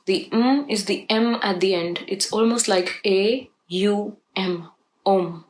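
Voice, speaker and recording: A woman leading a guided meditation, speaking softly and gently as she guides the breathing. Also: medium pitch, low-quality recording. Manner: slow, soft and gentle, guiding breathing.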